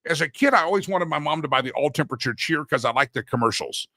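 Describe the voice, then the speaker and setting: Man, talk show host, middle-aged, casual rambling chat, dry close sound, slightly high voice. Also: expressive, quick pace, bright, forceful tone, no echo. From Deep East Texas. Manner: rambling, joking, self-interrupting.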